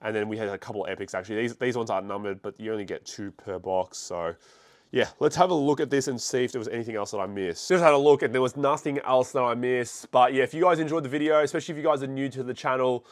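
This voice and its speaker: A man's voice: mid-range voice, no room sound, clean studio sound. A young man with a congested voice, casually chatting and reacting as he opens trading card packs on his channel. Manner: excitable, quick bursts of surprise over pulls. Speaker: card-breaking channel host. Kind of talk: casual card-opening vlog.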